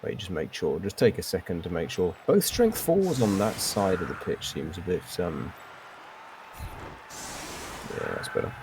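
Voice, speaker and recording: A man's voice: deep voice, huge pitch swings, a little slow, long pauses, background noise. A young man casually commentating a tabletop sports video game live, chatty and full of fillers and repeats. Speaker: game caster.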